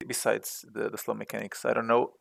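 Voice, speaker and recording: A man in a game voice chat explaining tactics in halting bursts, repeating words as he goes. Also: on the low side, completely flat delivery, creaky, no room sound. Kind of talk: casual voice chat strategy talk.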